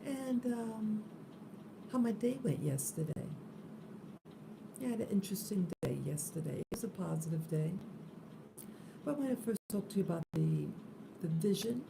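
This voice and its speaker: A woman hosting an early morning spiritual live stream, soft-spoken and drowsy, just woken up, talking into a phone held close in a room with an open window. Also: mid-range voice, expressive, normal speed, creaky, pauses often, background noise.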